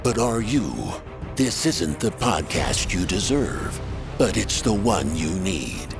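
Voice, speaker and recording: A man reading a podcast intro as a dramatic movie-trailer voice-over. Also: very animated. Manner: slow, gravelly, booming trailer delivery. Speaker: trailer-style intro announcer. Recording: voice-over with clear music behind.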